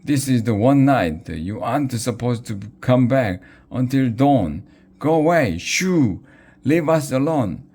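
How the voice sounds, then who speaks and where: A man voicing a frantic male camp headmaster who shouts orders and panics. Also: sits low, lively intonation, normal speed, hardly any pauses. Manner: bossy, then panicked yelling.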